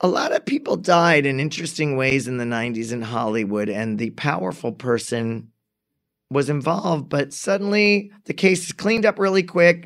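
A man with a somewhat high-pitched voice co-hosts a casual true crime chat. He tells the story animatedly and slips into the voices of the people he quotes. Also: normal speed. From lives in New York. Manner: animated storyteller who acts out quoted dialogue. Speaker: podcast co-host.

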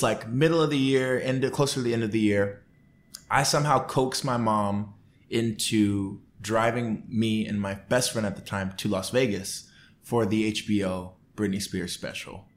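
A man telling a story in a casual interview, acting out what people said in raised, lively voices. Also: on the low side, slight background noise. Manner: animated, acts out quotes in raised voices. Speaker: podcast guest.

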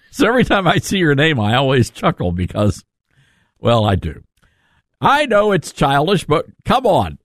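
A man's voice: on the high side, dry recording, clean studio sound. A man hosting a talk radio show, joking and self-mocking as he talks. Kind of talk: casual talk radio monologue.

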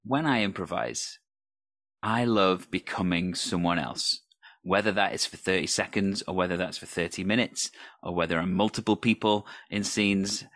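A man's voice: deep voice, normal speed, a bit bright, no echo, studio quality. A man, an improv performer, talking earnestly and enthusiastically in a conversational discussion. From United Kingdom. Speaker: improv performer and podcast co-host.

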